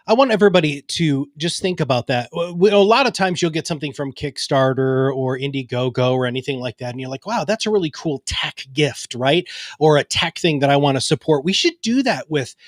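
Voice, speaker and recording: Male host, appreciative, upbeat, slightly high voice, dry sound. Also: lively intonation, brisk, dry recording. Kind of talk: interview hosting.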